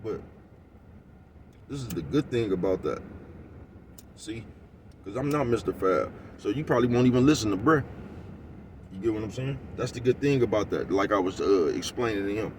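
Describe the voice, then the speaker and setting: A man's voice: fairly low pitch, expressive, moderate pace, long pauses, far from the mic, a little hiss or hum. A man ranting casually to his viewers in heavy slang, rambling and laughing, often asking if you know what he's talking about. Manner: laughs often, gets loud and heated. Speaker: vlogger. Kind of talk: casual rant to camera.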